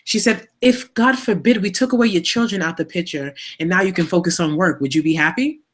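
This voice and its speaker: A woman shares a personal story on a talk show. She speaks candidly, full of fillers and little restarts. She grows animated as she retells it. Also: fairly low pitch, a little fast.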